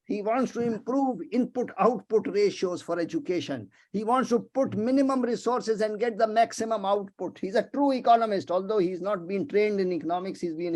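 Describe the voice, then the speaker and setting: A man's voice: high voice, darkish tone. An older man from Pakistan, giving an emotional, rhetorical webinar talk as an economics professor over a video call. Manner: emotional, rhetorical, repeats himself. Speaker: economics professor, guest speaker.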